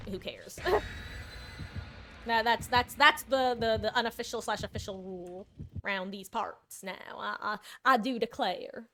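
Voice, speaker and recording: A woman's voice: mid-range voice, a bit bright. Chatty woman streaming a game. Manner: chatty, rambling, self-correcting, playful. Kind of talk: casual live-stream chat while gaming.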